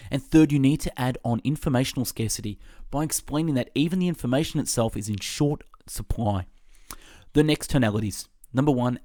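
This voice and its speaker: A man giving a steady, instructive scripted narration of a book summary, stressing each point in turn. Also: medium pitch, no echo, clean studio sound. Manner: steady, instructive reading with list-like emphasis.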